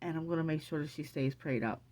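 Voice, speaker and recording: A middle-aged woman talks straight to her viewers in a casual vlog, teary and bubbling with excitement. Her voice sits fairly low, and she rambles, restarting her sentences again and again. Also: fast talker. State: teary from crying. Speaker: vlogger.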